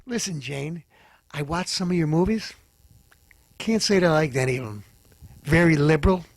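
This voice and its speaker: A man hosting a comedy show, ranting and hurling insults, swinging between loud outbursts and low mutters. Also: normal speed, dry recording. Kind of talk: ranting comic commentary.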